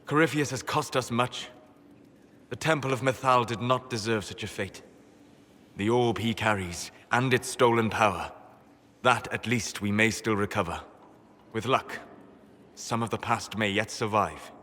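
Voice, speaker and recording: An actor playing a wise, melancholy male elven mage in a video game, calm and measured like a lecturer. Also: lowish voice, in a large hall, a little hiss or hum.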